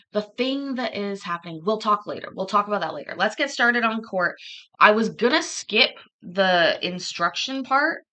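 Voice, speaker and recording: A woman's voice: medium pitch, bright, forceful tone. A woman hosting a livestream, chatting casually and rambling, often laughing between thoughts. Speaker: livestream host.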